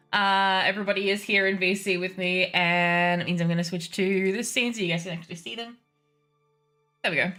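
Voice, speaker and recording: A woman's voice: mid-range voice, pushed and bright. A woman running a tabletop game on stream as game master, chatty and giggly, switching between casual asides and narration.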